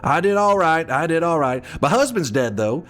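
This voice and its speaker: A man voicing a blunt older Southern woman who drops bad news in a flat, offhand way. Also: fairly high pitch, moderate pace, voice pushed up. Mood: matter-of-fact.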